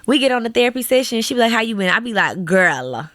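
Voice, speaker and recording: A woman in her twenties co-hosting a casual chat podcast, sassy and animated, full of slang. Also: a little high, rapid-fire, no room sound, clean studio sound. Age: 20s. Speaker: podcast co-host. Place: Dallas.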